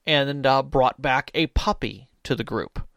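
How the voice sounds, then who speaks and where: A man's voice: medium pitch, measured pace, fairly bright tone, no room sound, studio quality. A man and podcast co-host who runs tabletop games, chatting casually and retelling a table story with energy. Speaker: game master, podcast co-host.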